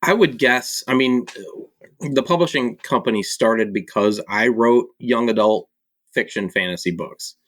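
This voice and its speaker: A man from Michigan, an author and publisher, talking casually as a podcast guest, relaxed and hesitant with frequent ums. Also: medium pitch, measured pace, no room sound. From Michigan, USA. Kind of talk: casual conversation.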